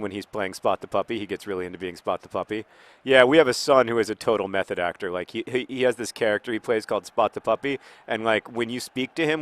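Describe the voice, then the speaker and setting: Rambling man chatting over a game. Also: lowish voice. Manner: rambling, with restarts and sudden excited outbursts at the game. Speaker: host. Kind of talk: casual chat over live gameplay.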